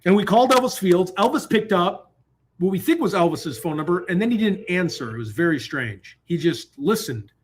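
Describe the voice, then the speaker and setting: A man's voice: high-pitched, animated, moderate pace, a little hiss or hum. A man hosting a live call-in stream from a hotel room, talking casually and rambling between jokes. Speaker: host.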